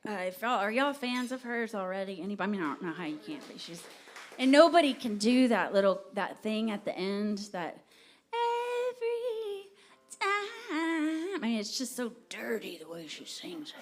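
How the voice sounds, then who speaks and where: Brisk and animated, this woman with a medium-pitched voice is a Texas singer-songwriter talking to the crowd between songs at a live venue. She rambles through a story with plenty of self-deprecation.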